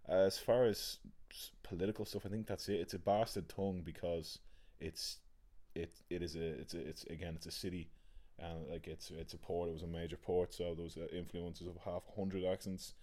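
Young dublin guy rambling in casual chat, really low mellow voice, lots of restarts. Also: little pitch movement, brisk, few pauses. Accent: Dublin Irish. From Ireland. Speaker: actor.

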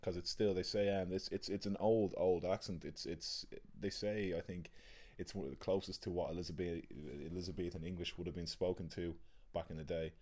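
A man's voice: sits low, steady tone, fairly quick, few pauses, darkish tone. A young Irish man with a Dublin accent, an actor, chatting casually and rambling with many restarts. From Ireland. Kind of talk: casual chat.

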